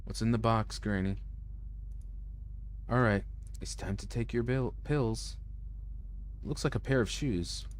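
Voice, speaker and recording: A man's voice: on the low side, measured pace, long pauses, slight background noise. A man streaming a horror game, reading its lines aloud with joking asides. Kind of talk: casual let's-play commentary.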